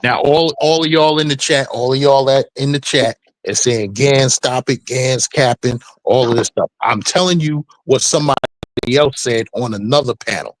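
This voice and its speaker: A man's voice: medium pitch, normal speed, dry recording. A man on an online panel who speaks assertively and addresses the chat directly.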